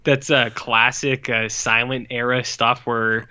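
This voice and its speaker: A man's voice: mid-range voice, level tone, takes it slowly, bright, forceful tone, clean tone, highs cut off. A man in his forties co-hosting a podcast, chatting casually about an old film with rambling, profane asides and lots of fillers. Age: 40s. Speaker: podcast co-host. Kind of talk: casual film review chat.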